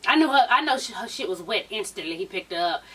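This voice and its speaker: A woman giving a casual, profane recap of a reality show as a vlogger, sassy and animated, with a lot of swearing. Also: medium pitch, fast talker, husky, distant mic, poor audio.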